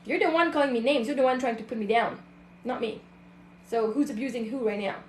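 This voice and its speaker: Brief: woman mindset coach, high voice, emphatic and direct, roomy echo. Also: quick pace, slight background noise. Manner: emphatic, acts out other people's voices. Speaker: self-love and mindset coach. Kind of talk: casual monologue to an online audience.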